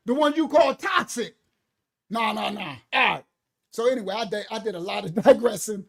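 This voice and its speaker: A man preaching in a fiery, animated way, loud and slangy, often laughing. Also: sits high, moderate pace, gravelly.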